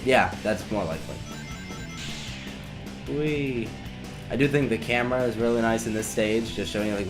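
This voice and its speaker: A young man talks his way through a video game run, tossing off wry, sarcastic remarks as he plays. His voice sits on the low side. Game music plays clearly under him the whole time. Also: moderate pace, long pauses. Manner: rambling, wry, sarcastic asides. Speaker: let's play commentator. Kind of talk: casual gameplay commentary. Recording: game music playing behind.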